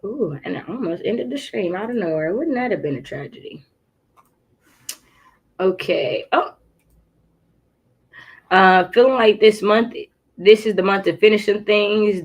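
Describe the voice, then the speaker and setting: A woman hosting a casual writing livestream, chatty and encouraging as she reads viewers' comments and clears her throat now and then. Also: medium pitch, unhurried, long pauses. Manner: occasional throat clearing and coughs. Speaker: livestream host.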